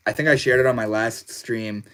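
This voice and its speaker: A man hosting a casual livestream reads viewer comments aloud in a laid-back, slangy way. His mid-range voice is a bit bright and a little fast, with slight background noise.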